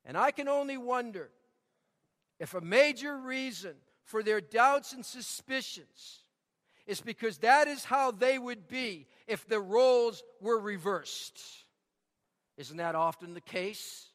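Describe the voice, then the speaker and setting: A man's voice: very high voice, slow pace, fairly bright tone, big-room sound. A man preaching a sermon, telling stories and repeating key lines for emphasis. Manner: storytelling with emphatic repetition. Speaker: pastor.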